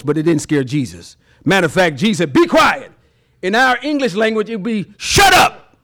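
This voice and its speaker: A man preaching a sermon to his congregation, folksy and animated, acting out little voices in his examples. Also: sits high. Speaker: pastor.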